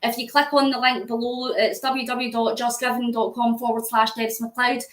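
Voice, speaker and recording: Cycling as she streams, this fundraising vlogger from near Glasgow, Scotland, chats and reads out viewer comments, laughing often. Her fairly high voice barely moves in pitch, runs at normal speed and sounds a bit bright, in an echoey room with rough recording quality.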